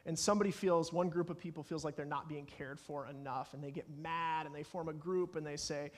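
Pastor guy preaching, pretty high voice, earnest, big echoey hall. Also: fairly even intonation, a little fast. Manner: earnest, acts out anxious prayers in quotes. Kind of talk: sermon. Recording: long hall reverb.

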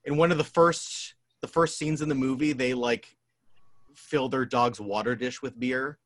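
A man's voice: medium pitch, fairly even intonation, a little slow. A man co-hosting a podcast in casual chat, rambling and filling gaps with "um" and "like". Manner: rambling, full of "um" and "like". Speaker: podcast co-host. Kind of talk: casual chat about movies.

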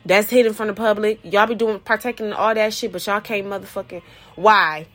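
A woman delivers a blunt, profane, heated rant as a solo podcast host. Her pitch sits in a middle range. Faint music plays behind her. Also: steady tone, brisk, fairly bright tone. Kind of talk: profane ranting monologue.

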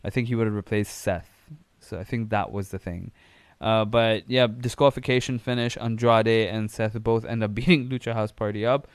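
A man's voice: fairly low pitch, fairly even intonation, normal speed, smooth, no echo. A young man hosting a wrestling podcast on his own, talking bluntly and casually with plenty of swearing and mock-quoted reactions. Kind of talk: casual solo podcast recap.

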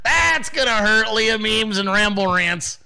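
A man's voice: sits high, animated, measured pace, creaky, sharp tone, smooth. A male podcast host talking casually, swearing freely and rambling between laughs. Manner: profane, rambling, laughs often. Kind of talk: casual political commentary.

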